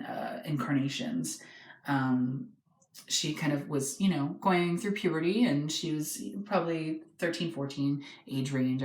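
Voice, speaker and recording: A man hosting a casual toy review vlog from his home, eager and talkative, often pausing on an um before rushing ahead. His voice rings off the walls of a bare, echoey room. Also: fairly high pitch. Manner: excitable and chatty, with frequent ums.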